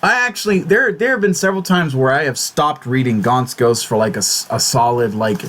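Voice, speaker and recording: A man's voice: mid-range voice, fairly quick, fairly bright tone. A man hosting his own vlog, talking casually and fretfully, swearing often and restarting his words. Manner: swears a lot, repeats and restarts words in agitation; fretful, exclamatory. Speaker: YouTube channel host.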